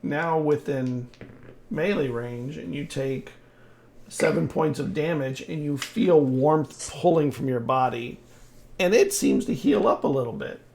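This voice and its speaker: Gravelly, slow-talking male game master. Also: fairly high pitch, darkish tone. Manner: unhurried, halting with restarts. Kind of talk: narrating a tabletop game.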